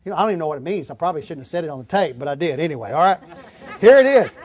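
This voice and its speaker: A man with a Texan accent preaching a folksy, animated sermon, slowing down to stress key words. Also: on the high side. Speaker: pastor.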